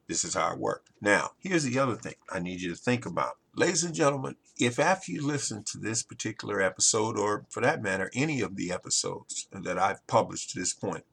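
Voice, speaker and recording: A man with a gravelly voice hosting his own podcast, addressing listeners directly in a repetitive sales pitch. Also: a bit bright. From United States. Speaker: podcast host and marketing consultant.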